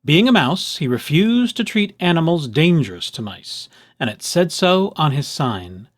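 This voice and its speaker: A man reading a children's picture book aloud with expressive, animated storytelling. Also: on the high side, unhurried.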